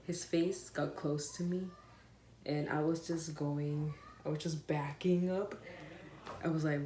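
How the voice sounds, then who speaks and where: Low-voiced girl doing a casual storytime, rambly with lots of "like", echoey room. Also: fairly even intonation, takes it slowly, mellow, a little hiss or hum. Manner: rambling, full of "like" and restarts. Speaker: vlogger.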